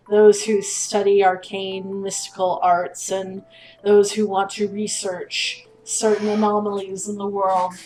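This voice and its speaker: A woman's voice: medium pitch, a little mellow, reverberant, lightly acted, poor audio. Woman playing a blunt half-orc undead hunter.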